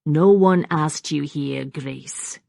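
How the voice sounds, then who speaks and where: A woman voicing a proud, bitter young Highland woman with a Scottish accent, cold and brittle in manner. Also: slow pace, vocal fry, darkish tone, no room sound, heavily acted.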